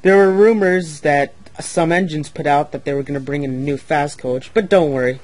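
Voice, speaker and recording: A man narrating a homemade toy-train story in a plain, slightly hurried reading voice. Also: on the high side, a little mellow.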